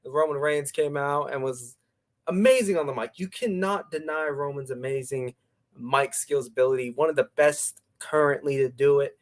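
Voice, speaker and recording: Excitable young man, higher voice. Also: moderate pace. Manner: excitable, jumps pitch to act out moments. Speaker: co-host. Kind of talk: casual podcast chat.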